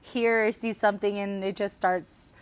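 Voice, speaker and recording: A woman's voice: mid-range voice, steady tone, moderate pace, smooth. A woman from El Paso, Texas, a racing guest on a podcast, chatting casually with lots of "like"s and easy laughter. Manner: chatty, filler-heavy with frequent "like", laughs often. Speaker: guest, amateur race car driver. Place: host's house, over drinks.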